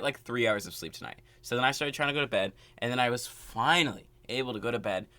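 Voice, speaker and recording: Young guy venting a storytime rant, bright voice, dry close mic, keeps saying like. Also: medium pitch, no echo. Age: young adult. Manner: animated, exasperated, heavy "like" filler. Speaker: vlogger.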